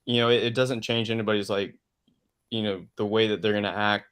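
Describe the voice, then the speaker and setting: A man's voice: on the low side, steady tone, fairly quick, a bit bright, clear, resonant tone. A man in casual podcast chat, thinking aloud with many fillers. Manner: loose, filler-heavy musing.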